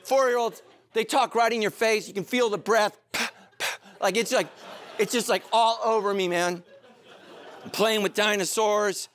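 Animated storytelling preacher, a man. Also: high voice, a little slow. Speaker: pastor. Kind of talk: sermon.

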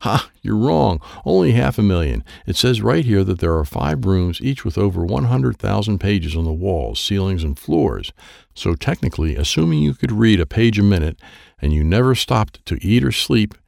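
A man's voice: lowish voice, very animated, moderate pace, vocal fry, darkish tone, no room sound, studio quality, exaggerated voice. A man voicing a smug, calculating know-it-all schoolboy.

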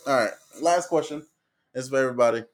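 A man hosts a laid-back podcast, telling rowdy stories between friends. His pitch sits in the middle, and he swears freely as he acts out what other people said. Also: fast talker, slight background noise. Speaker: podcast host. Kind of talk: casual storytelling chat.

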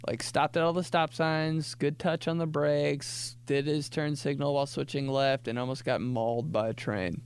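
A man's voice: on the high side, steady tone, moderate pace, hardly any pauses, smooth. Rambling late-twenties man riffing. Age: late 20s. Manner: rambling, full of "like" fillers and restarts. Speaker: podcast host. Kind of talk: casual comedic riffing.

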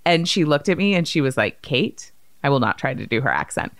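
A woman in her thirties hosting a podcast, telling a story in a lively, chatty way and acting out quotes. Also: low voice, fairly quick, no room sound. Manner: animated storyteller, acts out quotes. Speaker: podcast host. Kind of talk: casual chat.

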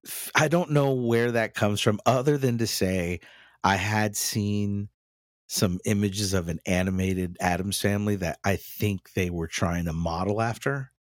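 A man's voice: lowish voice, measured pace, no echo, clean studio sound. A man chatting casually as a podcast co-host, candid and profane, often restarting his sentences. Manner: candid, profane, mimics lines while he talks. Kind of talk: casual chat.

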